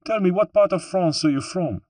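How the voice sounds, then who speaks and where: Guy doing a nosy polite french guard captain, high voice. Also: normal speed, a little mellow, no echo, close to an everyday voice. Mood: suspicious.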